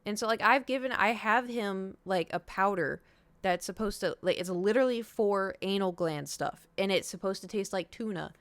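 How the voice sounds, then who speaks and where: A young woman chatting on stream tells a long story at a moderate pace, mimicking what others said and cursing occasionally. Her mid-range voice is a bit bright, and the recording is dry.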